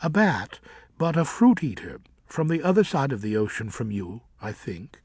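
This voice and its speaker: A man voicing a gentle old female bat. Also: medium pitch, big pitch swings, moderate pace, husky, no room sound, studio quality. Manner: gentle, soothing. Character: old, kindly female fruit bat, patient ghost.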